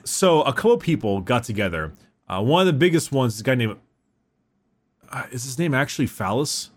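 A man's voice: medium pitch, very animated, fairly quick. A man hosting a podcast, chatting casually and stumbling over names with laughs. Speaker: podcast host. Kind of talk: casual chat.

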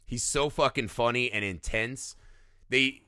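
A man co-hosting a casual film podcast, talking in an animated, profane way and laughing often. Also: mid-range voice, unhurried, no room sound, clean studio sound. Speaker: podcast co-host.

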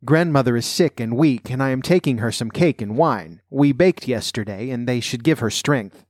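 A man voicing an innocent little girl in a red cap, gentle and wide-eyed. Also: medium pitch, normal speed, dry recording, studio quality, lightly acted. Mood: trusting.

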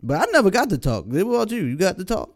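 A man's voice: high-pitched, fast talker. A man telling stories in a casual chat, laughing often. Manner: animated storytelling, laughs often.

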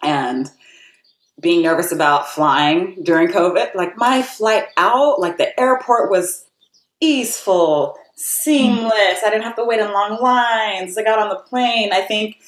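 An American woman telling a personal travel story in a chatty, casual way, with many "like"s and acted-out quotes. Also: unhurried. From United States. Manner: chatty, lots of "like", acts out quotes in a higher voice. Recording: roomy echo.

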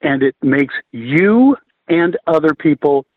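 Male guest, relaxed storyteller, husky, phone-line audio. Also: on the high side, slow, no echo. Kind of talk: casual storytelling interview.

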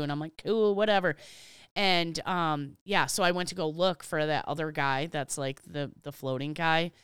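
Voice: medium pitch, normal speed, clear, resonant tone, no room sound, clean studio sound. A podcast co-host telling a work story in casual chat, acting out each exchange and venting with casual swearing. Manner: animated storyteller, acts out dialogue.

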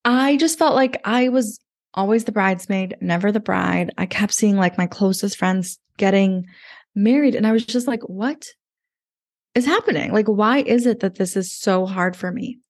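A woman's voice: mid-range voice, moderate pace. A woman in her thirties, a podcast guest, telling her story in a chatty way with lots of "like" and quoted thoughts. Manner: chatty, lots of "like", relives moments in quoted inner voice. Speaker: podcast guest, dating coach. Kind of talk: casual interview storytelling.

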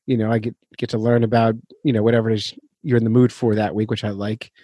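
A man's voice: on the low side, little pitch movement, fast talker, mellow, no echo. A man hosting a fishing podcast in casual chat, rambling and self-deprecating, chuckling often. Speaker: podcast host.

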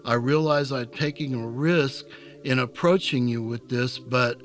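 A man voicing a thoughtful, cautious middle-aged village priest who speaks gently and carefully in a novel reading. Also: medium pitch, a little slow, faint music behind, natural voice. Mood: guarded. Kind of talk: scripted narration.

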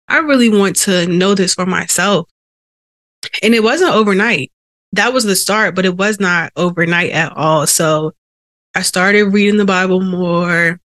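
A woman's voice: on the low side, fairly bright tone, no room sound. A woman hosting a faith podcast, telling her personal testimony in an earnest, conversational way, with held breaths and sighs caught by a sensitive microphone. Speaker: podcast host.

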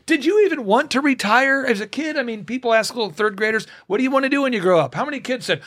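Man, high voice, studio guest, lively storyteller who does the dialogue himself. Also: fast talker. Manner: animated storyteller acting out both sides of dialogues. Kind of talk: casual studio conversation.

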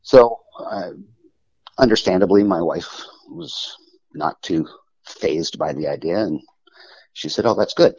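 A man telling a personal story as an interview guest, halting and restarting often, on muffled lo-fi audio. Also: sits low, lively intonation, a little mellow, dry recording. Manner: halting, with frequent restarts and pauses.

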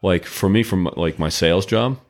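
A man with a mild Boston-area accent trades relaxed, joking banter with his co-host. His voice sits very low, with a gravelly, crackling fry running through it. The conversation happens in a small home gym room. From southeastern Massachusetts. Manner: easygoing, joking banter with quick agreement. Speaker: podcast co-host. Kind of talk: casual chat.

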